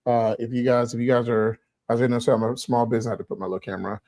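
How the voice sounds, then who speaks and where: A man's voice: mid-range voice, steady tone, rapid-fire, a little mellow, dry recording. Easygoing man on a dry call. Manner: easygoing, laughing asides. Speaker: guest. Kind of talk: casual livestream chat.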